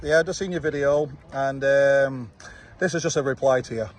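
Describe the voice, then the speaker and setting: A man from Manchester, England, with a mid-range voice, fairly even intonation, and a moderate pace, speaks in a Manchester accent. He's a fight promoter recording a confrontational direct-to-camera reply video outdoors while watching football, taunting with repeated "yeah?".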